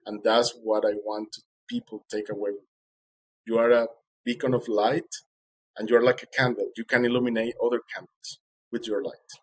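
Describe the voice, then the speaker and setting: A man's voice: fairly low pitch, little pitch movement, normal speed, husky, poor audio. A man, an interview guest, telling his story animatedly and acting out the dialogue, with non-native grammar.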